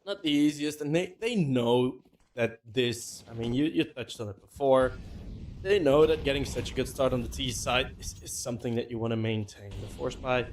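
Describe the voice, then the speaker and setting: A man doing lively, joking play-by-play commentary on an esports match. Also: medium pitch, moderate pace, a little hiss or hum. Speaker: esports caster.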